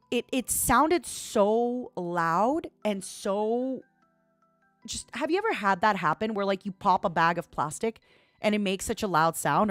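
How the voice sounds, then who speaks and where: Woman streamer chatting, super expressive pitch, dramatic storytelling, faint music behind. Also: no room sound. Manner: dramatic, animated storytelling with laughter. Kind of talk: casual chat.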